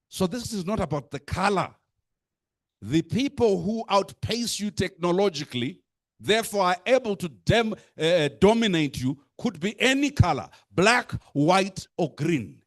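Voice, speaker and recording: Slow, emphatic man giving a rousing speech. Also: fairly high pitch, dry recording, studio quality. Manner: rhetorical, repeats phrases for emphasis; deliberate, emphatic pacing with lists. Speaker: speaker addressing a youth assembly. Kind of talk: impassioned speech.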